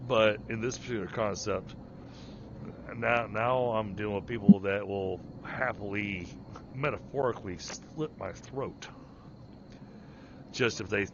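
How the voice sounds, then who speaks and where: A man chats casually while he plays, rambling, restarting sentences and poking fun at himself. His voice comes through a dull, lo-fi mic with steady noise behind it. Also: on the low side, a little slow, pauses often. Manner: self-deprecating, rambling with restarts. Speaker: streamer and project manager. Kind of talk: casual chat while gaming.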